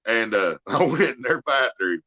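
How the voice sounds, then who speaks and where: Bright-voiced crude joking man. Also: medium pitch, sing-song, normal speed, no echo. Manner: profane, joking, laughs through his stories. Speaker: podcast host. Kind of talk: casual crude storytelling chat. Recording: dull lo-fi dry recording.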